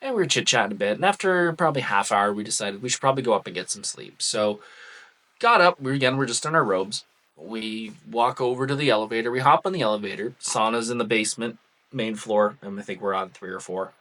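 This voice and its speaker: A man, casually telling a personal anecdote to the camera in a chatty, relaxed way with plenty of ums and uhs. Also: lowish voice, fast. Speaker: cosplay vlogger.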